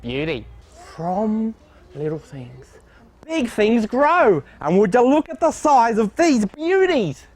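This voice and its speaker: Goofy high-voiced man joking. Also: big pitch swings, slow, no echo. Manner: goofy, playful, cracks silly jokes. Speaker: co-host asking questions. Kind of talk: tongue-in-cheek comedic banter. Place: outdoor plant nursery.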